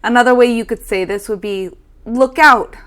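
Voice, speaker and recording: A young woman hosting an English lesson, saying everyday phrases slowly and carefully for learners. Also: medium pitch, fairly even intonation, clean tone. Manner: slow, careful demonstration of phrases. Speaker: English teacher. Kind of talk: language lesson.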